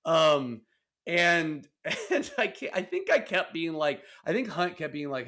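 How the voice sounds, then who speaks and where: A man hosting a casual podcast, retelling old college stories with laughs and acted-out quotes. His voice sits a little high. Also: sing-song, a little slow, pushed and bright. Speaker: podcast host. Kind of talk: casual storytelling chat.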